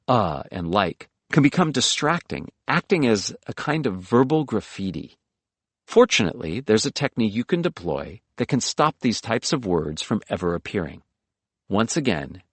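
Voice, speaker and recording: A man's voice: on the low side, breathy edge, no room sound. A man reading a self-help audiobook, coaching the listener through speaking exercises in an instructive tone. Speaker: audiobook narrator. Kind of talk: scripted audiobook narration.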